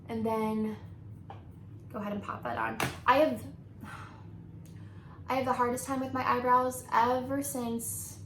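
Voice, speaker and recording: A beauty vlogger in her thirties talks casually while doing her makeup. Her voice sits a bit high and she laughs often, filling her talk with likes and ums. The room sounds echoey, with a faint hiss behind her. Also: fairly bright tone.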